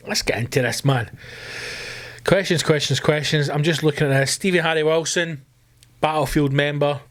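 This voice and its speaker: Scottish male podcast host, loud, profane, ranting delivery. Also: medium pitch. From Scotland. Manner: loud, sweary ranting, bursts into screamed outbursts. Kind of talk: solo comedy podcast rant.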